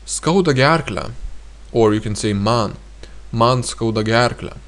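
A man with a medium-pitched voice and a measured pace teaches a language lesson. He repeats phrases several times each, explaining them in an easygoing, thinking-aloud manner full of fillers.

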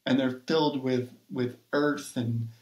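A man who is a poet and writing coach, guest on a podcast, telling a personal story in an earnest, reflective way with many pauses and fillers. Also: mid-range voice, steady tone, darkish tone. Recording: roomy echo.

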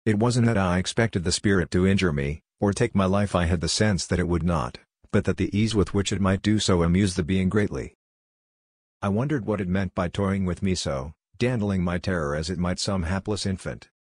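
A man narrating a scripted horror story in a measured, solemn first-person telling. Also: sits low, a little mellow, no echo, clean studio sound.

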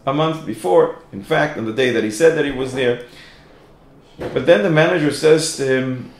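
A man, a rabbi, giving a sermon told through lively stories, acting out the people in them. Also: medium pitch, moderate pace, reverberant, slight background noise. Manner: animated storyteller, acts out quoted voices. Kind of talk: sermon with storytelling.

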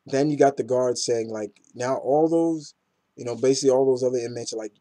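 A man's voice: medium pitch, brisk, warm tone. A man casually reviewing comic books in a rambling, enthusiastic way with many fillers.

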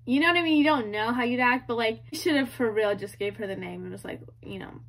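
A woman's voice: on the high side, fast talker, vocal fry. A young woman in her early twenties talks casually in a slightly raised voice. She rambles, filling nearly every phrase with "like" and "you know", and keeps turning to ask the listener what they think. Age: early 20s. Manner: rambling, full of "like" and "you know", asks the audience. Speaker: commentator. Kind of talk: casual commentary.

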